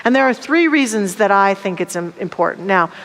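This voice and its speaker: A woman's voice: medium pitch, lively intonation, fairly quick, fairly bright tone. A woman minister giving a sermon, speaking candidly and emphatically about her own life. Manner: candid, personal, emphatic storytelling. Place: church sanctuary. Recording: long church hall reverb.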